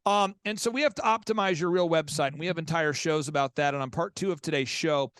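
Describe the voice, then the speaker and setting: A man's voice: fairly high pitch, fast, a bit bright, clean tone, dry recording, clean studio sound. A man hosting a business coaching show, telling stories in an emphatic way and repeating words as he builds up a point. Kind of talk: animated storytelling.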